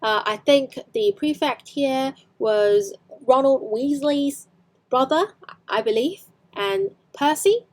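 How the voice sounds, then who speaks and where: A woman's voice: high-pitched, slow pace, darkish tone. A woman with a Hong Kong accent teaching English online, explaining film scenes with frequent fillers and self-corrections.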